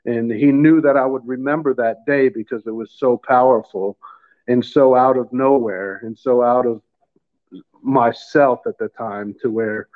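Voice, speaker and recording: Man telling a halting story down a phone line. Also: mid-range voice, fairly even intonation. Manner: halting, repeats words, emotional. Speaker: guest telling his faith story. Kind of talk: casual storytelling.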